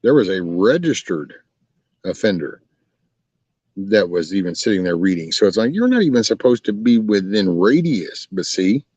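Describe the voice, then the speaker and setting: A man's voice: lowish voice, expressive, normal speed, darkish tone, dry recording. A man, hosting a casual live stream and answering chat in a folksy, rambling way. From Texas. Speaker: live stream host chatting with viewers. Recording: dull lo-fi stream audio.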